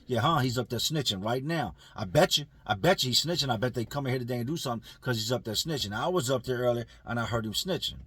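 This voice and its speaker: A man's voice: mid-range voice, expressive, fast talker, few pauses, fairly bright tone, breathy edge, no echo, pitched below the performer's own voice. A man voicing a scheming male inmate who insists on spreading a rumor. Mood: insistent. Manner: insistent, gossiping.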